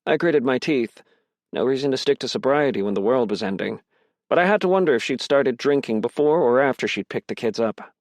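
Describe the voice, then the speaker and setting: Male audiobook narrator, dry and measured. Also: mid-range voice, lively intonation, dry recording. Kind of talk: first-person audiobook narration.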